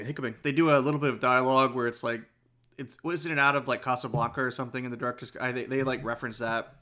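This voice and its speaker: A man's voice: medium pitch, fairly even intonation, fast talker, pushed and bright. A man with a mid-range voice chatting on a podcast about film versions and scenes. He sounds well-informed but keeps restarting his sentences. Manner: knowledgeable, full of restarts and fillers. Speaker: podcast co-host. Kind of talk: casual movie discussion.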